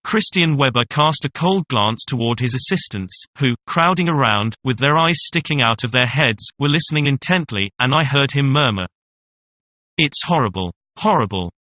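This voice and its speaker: A man narrating an old horror story in a measured, suspenseful telling. His voice is bright and forceful at a middling pitch, recorded close on a dry mic with no room sound. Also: lively intonation, no room sound. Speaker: audiobook narrator.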